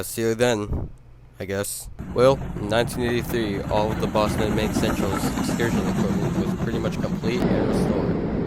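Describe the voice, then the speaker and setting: A man's voice: lowish voice, heavy background noise. A man narrating an amateur story in a plain, casual storytelling manner.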